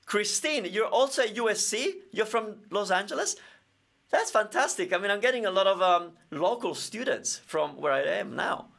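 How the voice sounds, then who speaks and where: A man's voice: high voice, animated, normal speed, vocal fry, a bit bright. A man with Italian as his first language, teaching grammar in a live-streamed question and answer lesson, explaining with everyday examples.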